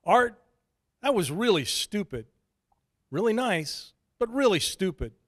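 A man's voice: high-pitched, big pitch swings, unhurried, voice pushed up, full character voice. A man voicing an eager, earnest, good-natured male friend who talks in a friendly way.

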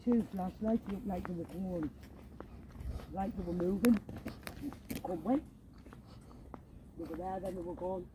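A woman ghost hunting outdoors in a cemetery at night, talking into a handheld camera in an excitable, frightened way and swearing often. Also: lowish voice, unhurried, long pauses, a little hiss or hum, poor audio. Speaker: paranormal vlogger. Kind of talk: live ghost-hunting commentary.

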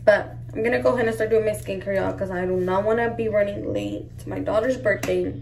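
Young mom vlogging, gushy and emotional, kinda gravelly, a bit off mic. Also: female voice, medium pitch, steady tone, fairly quick, darkish tone, recorded from a distance, soft background music. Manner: emotional, gushing, says "y'all" and "like" often. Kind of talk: casual vlog chat to camera.

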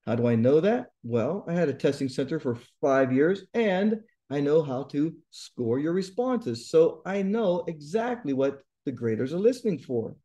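A middle-aged tutor speaks straight to his viewers, blunt and emphatic, hammering home each point. His voice sits a little high yet sounds warm and mellow. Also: expressive, moderate pace, hardly any pauses. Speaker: TOEFL tutor. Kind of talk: direct advice lesson to viewers.

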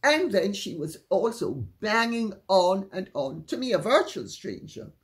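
A woman's voice: mid-range voice, big pitch swings, unhurried. A woman hosting her own channel, telling a gossipy story in a chatty, candid way with frank asides. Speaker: channel host.

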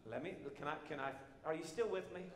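A man preaching a sermon as pastor, swinging between emphatic shouting and hushed intimate tones, full of repeated rhetorical questions. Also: fairly high pitch, fast, crowd noise. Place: church sanctuary. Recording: echoey hall with long reverb.

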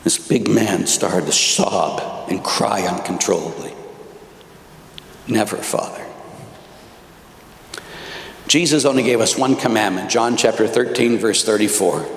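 A man, a priest, giving a fiery talk to a men's conference, dropping quiet and then building to loud exhortations. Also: on the low side, expressive, moderate pace, few pauses. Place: large church. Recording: echoey church hall.

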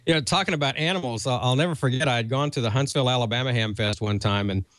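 A man's voice: mid-range voice, racing, fairly bright tone, dry recording. A man in his fifties co-hosting a ham radio show, telling stories in a folksy, chuckling way. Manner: folksy storytelling, chuckles often. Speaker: co-host.

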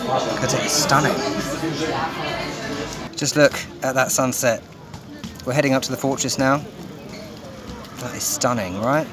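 A man vlogging casually on his phone while travelling, upbeat and chatty, with many ums and laughs. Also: mid-range voice. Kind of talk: casual travel vlog narration. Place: outdoors and in a restaurant, on the move. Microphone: phone held in hand.

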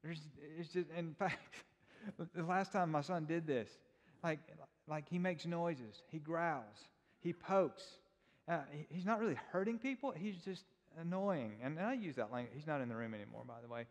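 A man's voice: fairly high pitch, expressive, moderate pace. A middle-aged man teaching a church class in a conversational way, telling personal stories and quizzing his listeners. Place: church hall. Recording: long hall reverb.

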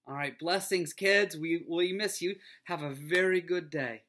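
Gentle, earnest man giving a children's devotion. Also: a little high, measured pace. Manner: gentle, earnest, often dropping to a soft near-whisper. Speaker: school pastor.

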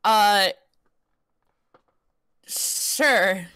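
A woman's voice: mid-range voice, drawn-out words, sharp tone, clear, resonant tone, dry recording, clean studio sound. A woman co-streaming a story game, reading aloud and chatting hesitantly. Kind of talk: casual chat and reading.

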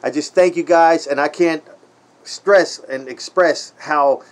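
Speaking slowly in a high voice, a Baltimore, Maryland vlogger excitedly opens a gift package for a casual unboxing clip. He sounds deeply grateful, leans on the words "man" and "guys," and eventually voices a heartfelt prayer.

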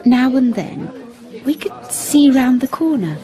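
A reflective twenty-something writer, higher voice, earnest, radio play. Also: female voice, expressive, mellow, some chatter behind. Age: 20s. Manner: reflective, then brisk and bossy organizing games. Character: Kay, young woman writer, thoughtful and lively.

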